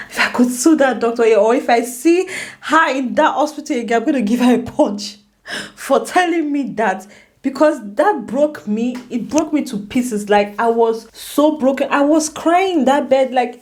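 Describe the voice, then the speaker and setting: Woman vlogger, casual storytelling to camera; emotional, restarts often, voice leaps up and down. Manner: emotional, animated, with many restarts and swings in pitch.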